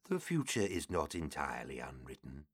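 A man voicing an ancient, wizened two-headed demon oracle, speaking in a low, measured hiss. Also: wildly swooping pitch, no room sound, studio quality, heavily acted. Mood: ominous. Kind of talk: audiobook character voice.

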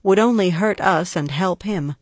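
A woman reading the lines of a cautious female prosecutor in an audiobook, deliberate and precise. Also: fairly low pitch, no room sound. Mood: cautioning. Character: guarded, measured female prosecutor, middle-aged.

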